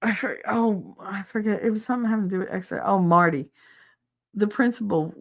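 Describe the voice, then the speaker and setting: Reading the live chat as a podcast host, this middle-aged woman speaks a little fast at medium pitch. She's irreverent and profane, laughing a lot and performing the quotes she reads out.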